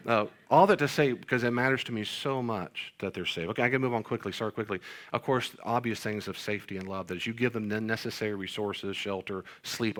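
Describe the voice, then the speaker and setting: A man's voice: on the low side, fairly bright tone. A middle-aged male pastor chatting casually about parenting, rambling through stories and jokes at his own expense. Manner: rambling storyteller, jokes self-deprecatingly. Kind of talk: casual podcast chat on parenting.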